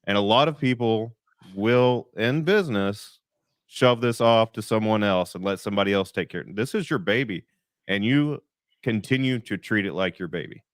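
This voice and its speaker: A man hosting a podcast, speaking in a measured, complimentary way to his guest. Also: fairly low pitch, no echo, studio quality. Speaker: podcast host. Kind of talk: casual interview.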